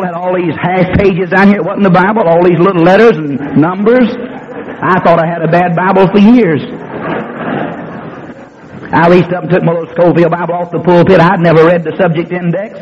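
A male preacher, spinning a self-mocking story during a sermon. His voice sits high for a man and turns dramatic as he tells it. The recording is muffled, with an audience clearly heard.

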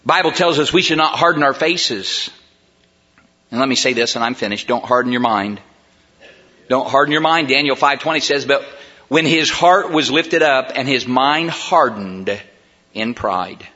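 A middle-aged man preaching a sermon to men, swinging between hushed and loud emphatic delivery and piling up repeated rhetorical questions. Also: mid-range voice, normal speed. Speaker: pastor. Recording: dull lo-fi recording.

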